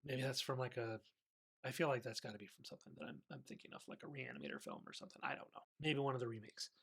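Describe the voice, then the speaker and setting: Rambling, gravelly man reviewing a movie. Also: medium pitch, very fast. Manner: rambling, animated, self-correcting. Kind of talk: casual movie commentary.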